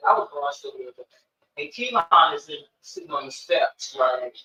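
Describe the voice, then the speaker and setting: Lively woman telling a story, roomy. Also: deep voice, normal speed. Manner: expressive, repeats "I said" often. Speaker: podcast guest telling a story. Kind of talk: animated personal storytelling. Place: studio. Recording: roomy, distant, dull sound.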